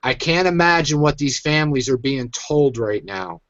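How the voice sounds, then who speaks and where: A man's voice: fairly high pitch, normal speed, vocal fry, a bit bright, no echo, dull audio. A man hosting his own online show, venting in an agitated, emphatic rant. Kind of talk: angry ranting commentary.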